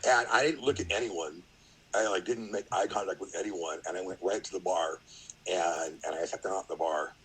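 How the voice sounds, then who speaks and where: A man's voice: sits low, steady tone, normal speed, slight background noise, poor audio. A middle-aged man, a podcast guest, telling a story in a rambling, casual way, full of fillers and acted-out quotes.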